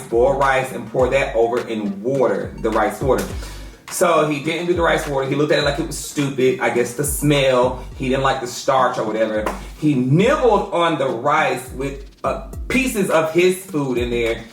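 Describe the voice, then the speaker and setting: A woman with a Southern American accent tells a storytime in an animated, profane way, jumping up high to act out what she said. She sounds a little far from the mic in an echoey room, with faint music underneath. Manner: animated, swears a lot, acts out her own lines in a high loud voice. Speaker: vlogger telling a story.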